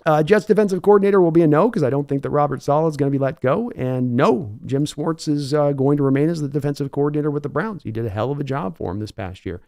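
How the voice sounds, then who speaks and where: Man, livestream host, rambling chat, slightly high voice, dry close sound. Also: quick pace, few pauses, warm tone, dry recording. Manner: rambling, conversational, reads out viewer names. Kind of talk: casual livestream chat answering viewers.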